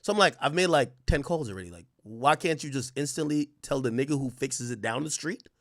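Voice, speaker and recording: A man hosting a livestream, telling a story in casual slang, animated and sometimes loud. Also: medium pitch, a little fast, no room sound, studio quality. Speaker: streamer host.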